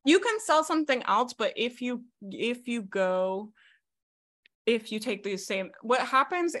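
Bright woman business coach on a zoom call, fast and animated, lots of likes and rights. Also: on the high side. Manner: fast, animated, filler-heavy coaching talk. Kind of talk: coaching on a recorded video call. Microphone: video call.

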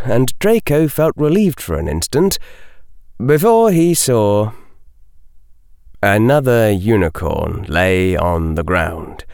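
A man narrating an audiobook in an expressive, dramatic storytelling manner. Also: fairly low pitch, smooth, no echo, studio quality.

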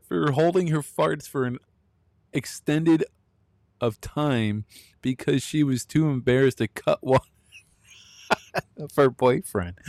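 A man's voice: mid-range voice, takes it slowly, pauses often, dry recording. Guy in his 30s ranting on his own show, blunt, laughs a lot, dry close sound. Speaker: podcast host. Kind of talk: opinionated solo commentary.

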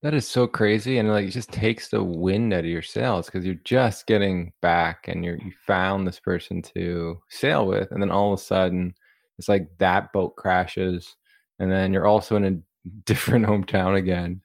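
Deep gravelly man hosting a chat. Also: fairly even intonation, moderate pace, no echo, clean studio sound. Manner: empathetic, filler-heavy, says like a lot. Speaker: podcast host. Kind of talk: casual interview chat.

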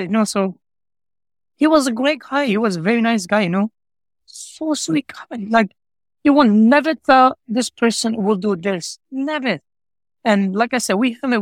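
In a dry recording, a man whose voice sits high tells his personal story as an interview guest; he owns a pizza shop. His English is non-native and grammatically broken, sprinkled with "you know, like," and he repeats himself, sounding earnest and heartfelt.

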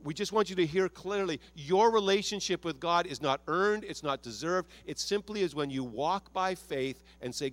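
A man preaching a sermon as pastor of a church, animated and acting out prayers and quotes in his own voice. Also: on the high side, moderate pace, few pauses.

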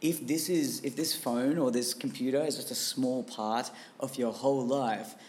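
A man co-hosting a relaxed podcast conversation. He talks emphatically and breaks into laughter often, his voice sitting in an ordinary middle pitch. A faint hiss of background noise sits under the recording. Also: moderate pace. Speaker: podcast co-host. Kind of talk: casual chat.

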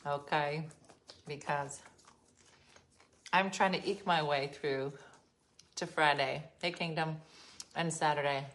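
A woman with a low-pitched voice talks to her viewers on a livestream from her home. She tells stories in a chatty, exasperated way, with quick asides. She is recorded on a phone. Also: fairly even intonation, a bit bright. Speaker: livestream host. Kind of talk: casual live chat with viewers. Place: her home, being renovated.

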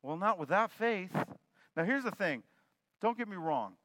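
A male pastor preaching a sermon in a loose, conversational and joking way, swinging between loud and soft. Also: sits high, lively intonation, normal speed, no room sound.

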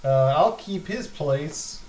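A man at a tabletop game talks as his sly cultist character, joking as he goes. His voice sits a little high for a man. It sounds roomy and distant, with a dull lo-fi tone. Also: expressive, takes it slowly, darkish tone, a little hiss or hum. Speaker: player. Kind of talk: tabletop role-play.

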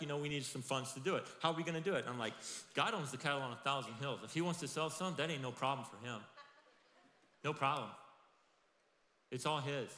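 Animated pastor in an echoey hall. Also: male voice, on the high side. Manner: animated, acts out quoted voices. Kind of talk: sermon.

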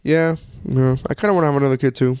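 A man's voice: medium pitch, quick pace, darkish tone, clear, resonant tone, no room sound. A man hosting a podcast in casual chat, blunt and joking, often talking over his guest. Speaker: podcast host.

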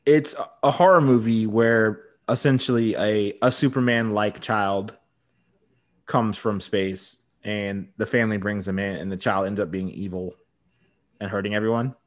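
A man's voice: lowish voice, fairly even intonation, moderate pace. Brief: man in a casual podcast chat who recaps the plot and laughs easily. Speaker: podcast co-host.

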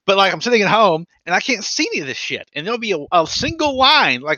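A man's voice: high voice, very animated, fast, few pauses, pushed and bright, dry recording, muffled recording. A man in his thirties co-hosting a podcast, telling rambling, profane stories in casual chat. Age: 30s. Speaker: podcast co-host.

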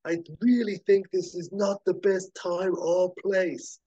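Brief: man doing a cautious, sheepish action hero, a little higher than usual, slightly muffled audio. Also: flat delivery, slow pace, dark tone, breathy edge, exaggerated voice. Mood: hesitant. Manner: hesitant, sheepish.

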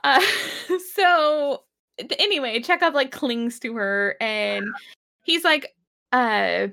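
A young woman co-hosting a casual chat, giggling a lot as she retells an episode in an animated way. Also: on the high side, measured pace.

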